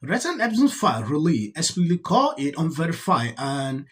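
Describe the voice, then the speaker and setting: A man's voice: a little high, big pitch swings, brisk, slightly rough. A man with a Nigerian accent giving exasperated, emphatic reaction commentary on a talk-show clip.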